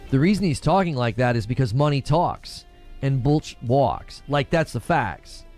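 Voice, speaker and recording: A man's voice: medium pitch, lively intonation, unhurried, darkish tone, soft background music. A man giving an opinionated monologue to his viewers in a lecturing tone, repeating his points. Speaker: online video commentator.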